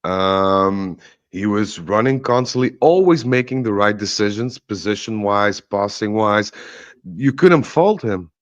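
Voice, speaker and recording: A man's voice: lowish voice, lively intonation, a little slow, no echo, lo-fi sound. A man co-hosting a casual football podcast, talking in a blunt, opinionated way. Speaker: podcast co-host.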